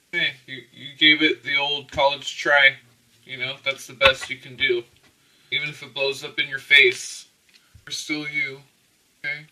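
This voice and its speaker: A man's voice: medium pitch, far from the mic, noisy background. A man giving a casual, rambling tarot reading, often checking in with "okay?" and breaking into little laughs. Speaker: tarot reader.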